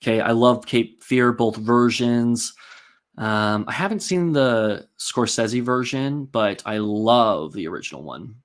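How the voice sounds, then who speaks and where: A man's voice: mid-range voice, animated, measured pace. A man hosting a casual live-stream, rambling and chatty with many ums and likes as he reads out and answers viewer comments.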